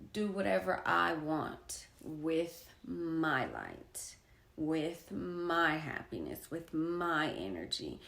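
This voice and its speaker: A woman's voice: fairly low pitch, gravelly, a bit bright. Blunt, profane woman telling a story in an echoey room. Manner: blunt and profane, emphatic repetition. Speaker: artist and poet sharing a personal story. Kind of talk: candid personal storytelling.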